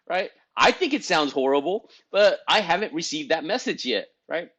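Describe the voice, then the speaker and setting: A man's voice: lively intonation, moderate pace, a bit bright. A man hosting a group for estheticians, giving a casual motivational talk that rambles, with frequent restarts and self-deprecating laughs. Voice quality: voice he calls high-pitched.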